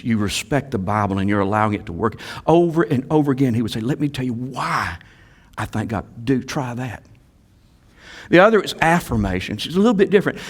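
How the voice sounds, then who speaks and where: In a mid-range voice, a male pastor preaches a sermon, moving between quiet asides and loud exhortations while repeating key phrases for emphasis.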